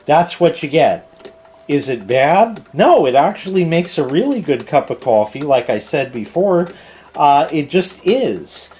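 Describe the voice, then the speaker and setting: A man's voice: fairly high pitch, a little mellow. An American man in his forties rambling casually about his coffee maker at home, swearing now and then. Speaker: product reviewer. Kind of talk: casual chat.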